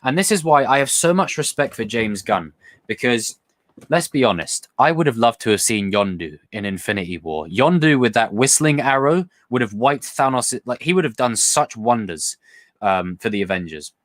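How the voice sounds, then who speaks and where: A young man hosting a casual live stream, answering chat questions in a rambling, excitable way and swearing freely. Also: mid-range voice, moderate pace. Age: young adult. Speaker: livestream host reading chat questions.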